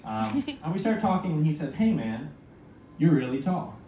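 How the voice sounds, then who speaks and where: A young man in his twenties performing a stand-up comedy set, telling self-mocking stories with quick asides. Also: a little high, sing-song, dark tone. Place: small comedy venue with audience. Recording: echoey room from a far mic, noisy.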